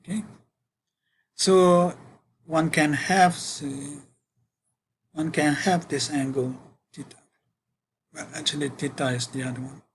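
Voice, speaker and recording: A man giving a university physics lecture, working through equations in a halting way with many fillers and self-corrections. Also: fairly high pitch, fairly even intonation, a little hiss or hum, low-quality recording.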